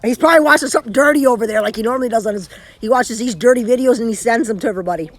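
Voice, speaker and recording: A woman's voice: fairly high pitch, racing. A Canadian woman chatting casually on a live stream from home, rambling and restarting her sentences as she talks into her phone.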